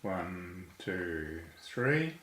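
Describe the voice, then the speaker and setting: Very slow yet very animated, a man with a low, slightly bright voice teaches Chinese characters, patiently counting each stroke aloud. The recording is echoey, with a little hiss or hum.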